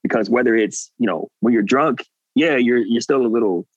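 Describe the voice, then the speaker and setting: A male guest with a medium-pitched voice tells a personal story at a normal speed, earnest and animated, acting out the things people said. The recording is muffled, with no echo, and the talk is casual.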